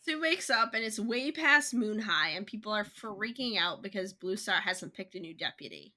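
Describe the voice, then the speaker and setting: A young woman co-hosting a casual book podcast, retelling a story in a chatty way with quick voiced asides. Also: mid-range voice, expressive, sharp tone. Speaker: podcast co-host.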